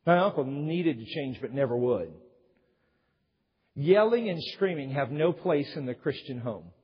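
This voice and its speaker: A man preaching a sermon, his husky voice rising and falling in lively swings. His words ring out with a long hall reverb, and the recording sounds dull and lo-fi. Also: medium pitch, measured pace. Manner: animated storyteller, acts out yelling quotes. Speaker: pastor.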